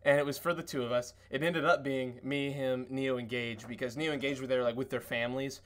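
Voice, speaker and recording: A man talking on a podcast with an average pitch, telling stories of meeting friends with lively excitement. He swears a lot and jumps far up in pitch when acting out what people said. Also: fairly quick. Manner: excited storytelling, lots of cursing and fillers; acts out quotes in a much higher voice. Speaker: podcast guest. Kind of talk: casual podcast chat.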